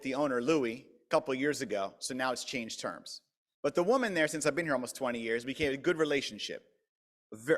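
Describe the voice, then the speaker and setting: A middle-aged man, a rabbi, telling a story as a guest speaker to a civic club in an animated, folksy way. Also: fairly high pitch. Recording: long hall reverb.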